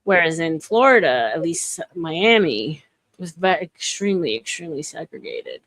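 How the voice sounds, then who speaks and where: A woman's voice: deep voice, very animated, normal speed, a bit bright. A woman in her forties from New York hosting a casual live chat, talking in a chatty way with many restarts. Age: 40s. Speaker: livestream host. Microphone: phone.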